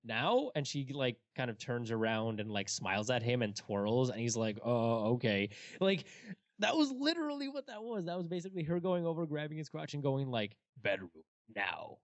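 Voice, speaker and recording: A young man in casual podcast talk, with an average pitch and a dry, close sound with no room in it. He is easygoing and agreeable. He turns playful when he retells a scene. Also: animated, brisk, no room sound. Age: young adult. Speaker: podcast co-host. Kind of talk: casual chat.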